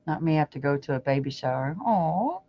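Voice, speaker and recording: A woman's voice: low-pitched, warm tone, husky. A woman hosting a crochet livestream, chatting casually and outspokenly as she works, laughing often. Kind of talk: casual chat while crocheting. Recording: dull lo-fi livestream audio.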